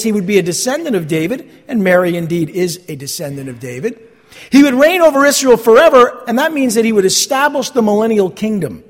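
A male pastor preaching with a high, animated voice that swoops up and down. He leans on key phrases, repeats them and puts questions to his listeners. Long reverb of a large hall trails behind him. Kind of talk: sermon.

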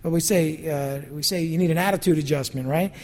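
Man, pastor, sermon, high voice, animated, reverberant church hall. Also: a little fast. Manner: animated preaching with mocking quoted asides. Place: church sanctuary.

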